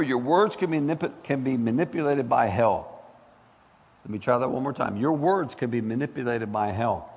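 Impassioned husky preacher in a hall. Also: male voice, a little high. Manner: impassioned, rising to near-shouts, rhetorical questions. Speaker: pastor. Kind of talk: sermon. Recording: echoey hall, dull lo-fi sound.

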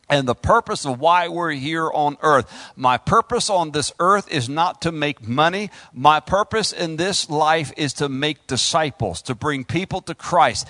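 A man's voice: fairly high pitch, pushed and bright, no room sound. A man preaching a fervent sermon, calling out to the congregation and swinging his delivery up and down. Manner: fervent call-and-response preaching, rising and falling.

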